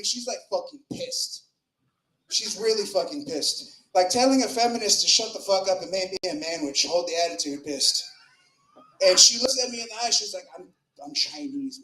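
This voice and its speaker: In front of a live crowd at a comedy club, a man performs a rambling, crude open mic set into a stage mic. His voice sits high, is expressive and a little fast with a sharp tone, and he drops filler words while his volume rises and falls amid the room's echo.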